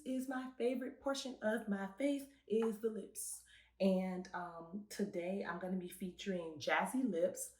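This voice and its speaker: A young woman co-hosting a casual review chat. She talks in an animated, chatty way and laughs easily. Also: medium pitch. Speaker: co-host and beauty segment presenter. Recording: echoey room.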